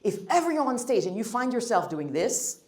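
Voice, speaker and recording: A woman's voice: fairly high pitch, very animated, brisk, darkish tone. A woman giving a live workshop talk, blunt and emphatic with wry humor. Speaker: workshop speaker. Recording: roomy hall.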